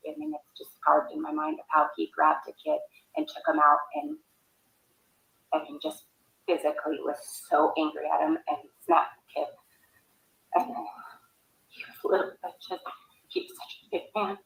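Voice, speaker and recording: A woman recalling family events in a recorded interview, speaking haltingly. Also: high voice, big pitch swings, vocal fry, a bit bright. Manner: halting, hesitant recollection. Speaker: interviewee, sister of the subject. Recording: echoey room.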